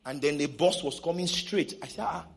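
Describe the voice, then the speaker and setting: A male pastor with a Nigerian accent, preaching a sermon to a congregation and leading shouted declarations. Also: a little high, a little fast. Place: church hall with congregation.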